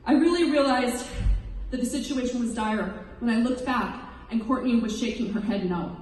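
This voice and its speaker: A woman's voice: a little high, moderate pace, darkish tone, slight background noise. A woman in her thirties recounting her rescue to an audience, in an earnest, emotional storytelling manner. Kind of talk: personal testimony speech. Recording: echoey hall, distant mic.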